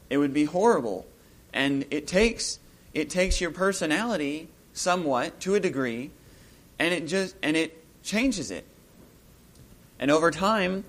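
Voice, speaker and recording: A man giving an informal Bible talk, musing aloud as he retells a scripture story and growing lively when he acts out the scenes. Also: fairly high pitch.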